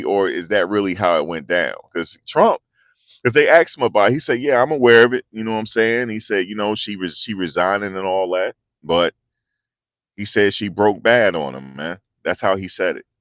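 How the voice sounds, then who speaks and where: A man's voice: low-pitched, fairly bright tone, no echo, studio quality. A man hosting a casual commentary video, talking in a loose, slangy, repetitive way. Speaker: commentary channel host.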